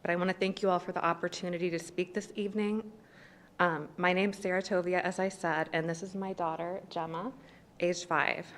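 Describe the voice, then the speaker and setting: A woman's voice: fairly low pitch, flat delivery. Emotional woman near tears at a podium. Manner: reading a prepared account, shaky and halting. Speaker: resident speaking at public comment. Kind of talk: prepared statement at a city council meeting. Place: city council chamber.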